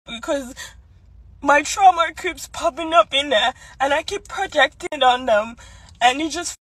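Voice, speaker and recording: A young woman crying as she talks in a personal vlog, halting and restarting her sentences. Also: high voice, a bit bright, no echo, low-quality recording. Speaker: vlogger.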